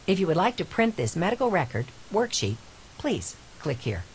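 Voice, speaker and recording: A woman's voice: on the low side, sing-song, normal speed, slight background noise, poor audio. An actress voicing a female senior doctor who mentors a resident, speaking earnestly and explaining in a scripted game voice-over.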